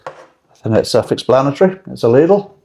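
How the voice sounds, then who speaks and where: A man's voice: mid-range voice, lively intonation, a little fast, warm tone. A man reviewing drinks in a casual, rambling recipe chat, with dry joking asides.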